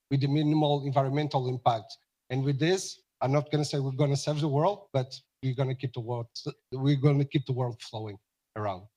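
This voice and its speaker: A man delivering a startup pitch with energy and emphasis. His voice sits in a middle register, and his phrasing builds toward confident closing lines. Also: darkish tone.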